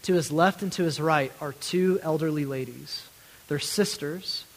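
Preacher, male, slightly high voice, earnest and pleading, long church reverb. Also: moderate pace. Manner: earnest, building to pleading intensity then dropping to near-whispers. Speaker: pastor. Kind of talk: sermon.

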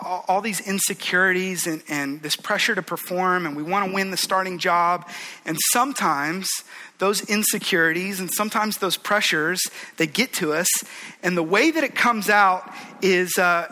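A man preaching a sermon in an earnest, conversational way, sometimes dropping to a hushed plea and then rising with fervor. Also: high voice, low-quality recording. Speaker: pastor.

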